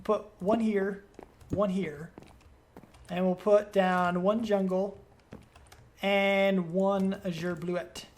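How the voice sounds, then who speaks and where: A man's voice: sits high, flat delivery, very slow, long pauses, slight background noise. A man giving let's play commentary as a gaming video creator, rambling and thinking aloud as he questions himself.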